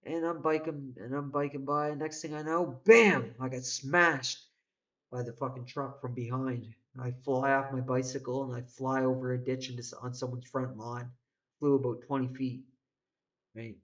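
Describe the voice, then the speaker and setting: A man's voice: medium pitch, little pitch movement, moderate pace, muffled recording. Rambling, profane man telling a story. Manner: rambling, profane, frequent restarts. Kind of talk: casual spoken storytelling.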